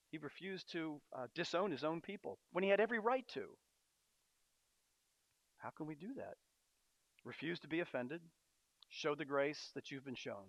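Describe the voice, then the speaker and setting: A man preaching a sermon as a pastor, earnest and storytelling, often pausing on fillers. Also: on the high side, a bit bright, no room sound. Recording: dry, dull lo-fi sound.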